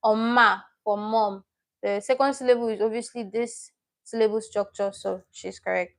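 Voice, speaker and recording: A woman's voice: fairly high pitch, fairly even intonation, normal speed, gravelly. A woman teaching a live online language lesson, patient and repeating each word as she explains it step by step.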